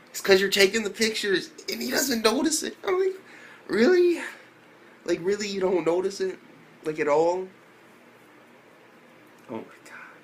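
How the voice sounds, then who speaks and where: A young man reviewing an anime episode in a casual, excitable way, swearing a lot and breaking into loud exclamations. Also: on the high side, a little hiss or hum. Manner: excitable, profane, full of fillers and loud exclamations.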